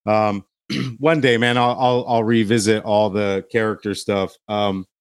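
A low-voiced man from Glendale, California talks as a podcast guest in a loose, meandering way, dropping fillers and swear words as he goes. His voice sits close and dry on the mic, with nothing around it. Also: steady tone, a little slow, smooth, no room sound. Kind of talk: casual podcast chat.

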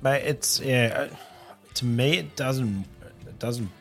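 Co-host, young Aussie guy, mid-pitched, rambling and laughing. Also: slow, creaky, fairly bright tone, soft background music. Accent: Australian. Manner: rambling, sweary, laughs a lot. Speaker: podcast co-host. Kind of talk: casual chat.

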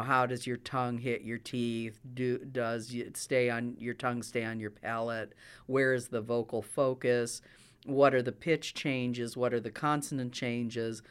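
Smooth-voiced man, an accent coach. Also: mid-range voice. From United States. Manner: explanatory, enthusiastic about accents. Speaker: actor and dialect coach. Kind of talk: interview answers.

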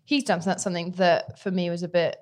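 A woman in her twenties, a podcast guest, talking casually with a raspy, half-lost voice and halting restarts. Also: lowish voice, fairly even intonation. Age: 20s. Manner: halting, chatty. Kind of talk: casual chat.

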